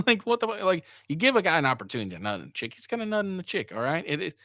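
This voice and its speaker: A man's voice: high-pitched, sing-song, very fast, sharp tone, no room sound, clean studio sound. A man giving crude, mocking reaction commentary, swearing and laughing as he talks. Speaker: commentary streamer.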